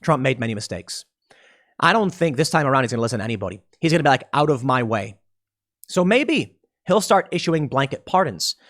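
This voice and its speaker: A man giving casual solo political commentary, animated and quick to slip into mocking voices. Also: mid-range voice.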